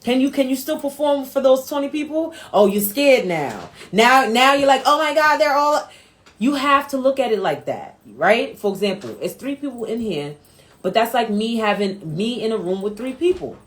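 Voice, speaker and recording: A woman's voice: fairly high pitch, big pitch swings, moderate pace. A woman hosts a casual live stream from home, talking into her phone. Her voice rises and falls a great deal, and she talks in a streetwise way, swearing freely. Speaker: host.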